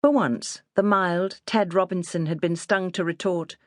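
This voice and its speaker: A woman narrating an unabridged novel in a steady, even storytelling manner. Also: lowish voice, unhurried, dry recording, studio quality. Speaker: audiobook narrator. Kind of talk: scripted narration.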